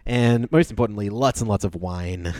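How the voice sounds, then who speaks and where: A man's voice: fairly low pitch, moderate pace, dark tone, no echo, studio quality. A man co-hosting a podcast, recapping a reality show in chatty, laughing talk full of fillers. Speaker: podcast co-host. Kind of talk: casual recap chat.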